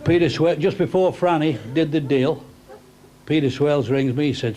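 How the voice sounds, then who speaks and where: A man's voice: on the high side, moderate pace, dark tone. A man giving a comic after-dinner speech, telling bawdy stories with stammering restarts. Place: crowded dinner hall. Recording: noisy banquet room with crowd.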